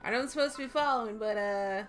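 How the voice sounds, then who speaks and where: Over game music, a young woman streamer gives casual gameplay commentary, joking and swearing to herself as she plays. She talks fast in a fairly high, slightly bright voice.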